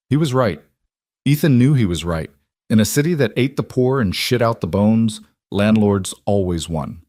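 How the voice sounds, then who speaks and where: Man, low voice, steady story narration, dry close sound. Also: normal speed, no room sound.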